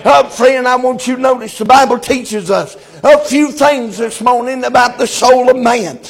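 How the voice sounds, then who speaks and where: A man preaching a sermon, in a chanting cadence full of "uh" fillers, sometimes shouting. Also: very high-pitched, fairly even intonation, normal speed, breathy edge.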